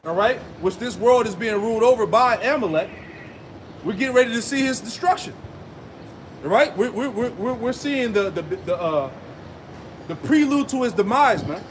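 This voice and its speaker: A man's voice: high voice, lively intonation, normal speed, slight background noise. A man preaching a street sermon, reading scripture and adding emphatic asides with rhetorical "right?" and "man.".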